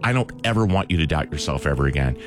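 A man's voice: rumbling low, lively intonation, fast, music in the background. A man in his thirties hosting a radio chat show, telling a heartfelt family story with self-mocking jokes.

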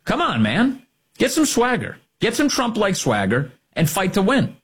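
A man's voice: high voice, wildly swooping pitch, unhurried, fairly bright tone, husky. A male host delivering combative political commentary, emphatic and fond of repeating his points for effect.

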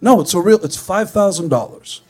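A man doing an impression of a famous rock musician as a pompous, deadpan salesman pitching merchandise. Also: normal speed. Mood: boastful.

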